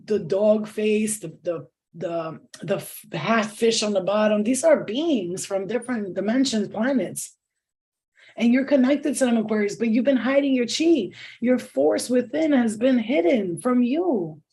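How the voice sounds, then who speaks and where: Her voice is on the high side with a dark tone. A middle-aged tarot reader running a live spiritual reading, she chats casually, curses, starts sentences over and laughs a lot.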